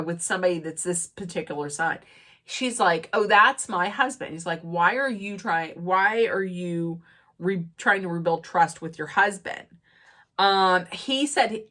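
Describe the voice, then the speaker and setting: A woman's voice: mid-range voice, a bit bright. A woman casually recapping a reality show episode, chatty, with frequent fillers and restarts. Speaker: recap host.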